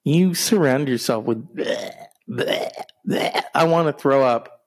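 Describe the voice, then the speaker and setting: A man's voice: mid-range voice, slow, vocal fry. A man hosting a podcast, mocking a TV broadcast in a crude, sarcastic running commentary with exaggerated gasps. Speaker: podcast host.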